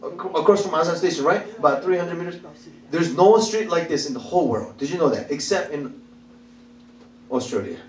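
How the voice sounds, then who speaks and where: A man's voice: fairly high pitch, animated, a little fast. A male pastor preaching a sermon, emphatic and repetitive, often laughing and calling on the congregation to answer. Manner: emphatic, repeats phrases, laughs often, calls for replies. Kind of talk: sermon with call-and-response. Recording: echoey church hall, voice from a distance.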